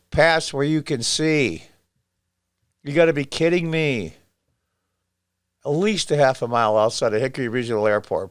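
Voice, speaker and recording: Clean studio audio, dry and echo-free, captures a smooth, mid-range male voice. He is in his sixties, from upstate New York, and offers emphatic, repetitive political commentary in a casual way while exclaiming over footage.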